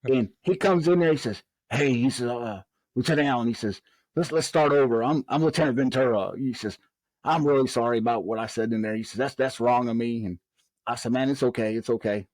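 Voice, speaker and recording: A man recounts his story in an animated way, jumping into the voices of the people he quotes. His voice sits at a middle pitch and sounds close and dry, with no room around it. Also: fairly quick, no echo. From Southern United States. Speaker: guest, former prison officer. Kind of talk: storytelling in a podcast interview.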